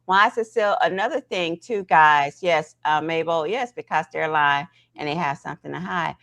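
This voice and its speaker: A woman's voice: low-pitched, normal speed, vocal fry. A woman hosting a casual livestream, talking straight to her viewers and tagging her points with "right?" and "okay?". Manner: animated, talks to chat viewers directly; frequent "right?" and "okay?" tags. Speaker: livestream host.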